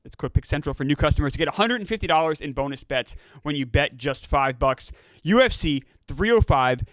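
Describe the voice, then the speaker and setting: A man's voice: fairly high pitch, animated, a little fast, fairly bright tone, dry recording. A man hosting a sports gambling show, chatting casually and reading ads. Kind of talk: casual sports chat and ad reads.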